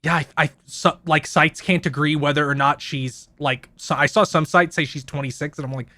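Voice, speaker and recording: Podcast guy, bright voice, explains stuff eagerly, dry close mic. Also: on the high side, moderate pace, no room sound. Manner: animated, explains details, swears casually. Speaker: podcast co-host. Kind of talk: casual podcast chat.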